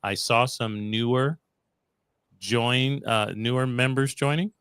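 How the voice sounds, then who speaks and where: Bright-voiced joking host. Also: male voice, medium pitch, fairly even intonation, smooth, no echo, studio quality. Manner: playful, joking, quick asides. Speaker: host of a livestream show. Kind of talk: casual chat.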